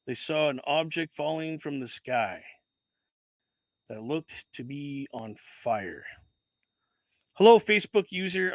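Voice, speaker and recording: A man hosts a casual livestream, unboxing something while he rambles, corrects himself and swears casually into a desk microphone. His voice is a little high, with no echo.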